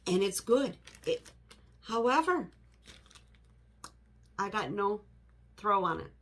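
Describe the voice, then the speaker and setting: A middle-aged home fragrance vlogger talks casually to the camera from her home office, rambling along with lots of "you know" asides. She speaks slowly in a fairly bright, mid-range voice with big pitch swings.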